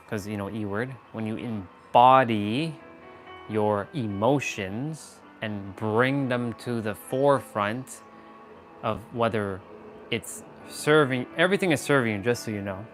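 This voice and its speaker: A man's voice: mid-range voice, unhurried, a bit bright, soft background music. Rambling man on a livestream. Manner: rambling, playful wordplay, talks to chat. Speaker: livestream host. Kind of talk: casual motivational livestream chat. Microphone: phone or laptop for live stream.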